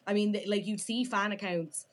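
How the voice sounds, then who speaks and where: A woman's voice: mid-range voice, normal speed. A young woman with an Irish accent, chatting as a podcast guest, her talk full of "like" fillers. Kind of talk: casual chat.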